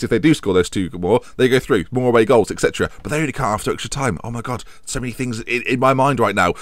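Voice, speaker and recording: A man, a gaming YouTuber, commentating his own football management match at home in an excitable, self-mocking way, shouting at big moments. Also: lowish voice, no room sound. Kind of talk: live game commentary. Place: home room with windows open.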